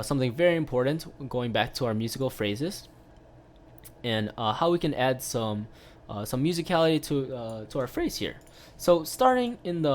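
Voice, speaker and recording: A man giving a casual online piano lesson, explaining step by step with lots of "right?" tag questions and filler sounds. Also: mid-range voice. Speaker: piano teacher.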